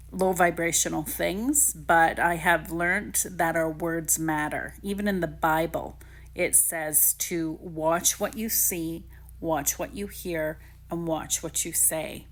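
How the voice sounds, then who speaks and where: A woman talking casually and encouragingly to viewers, giving spiritual advice about intuition. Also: lowish voice. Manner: chatty, encouraging, addresses viewers directly. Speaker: spiritual teacher.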